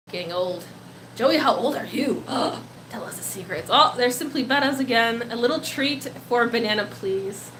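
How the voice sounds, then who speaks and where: Bright high-voiced gushing young woman. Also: a little hiss or hum. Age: 20s. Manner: gushing, excitable, laughs often. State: slightly losing her voice. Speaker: pet-keeping live streamer. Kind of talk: casual live stream chat, reading comments.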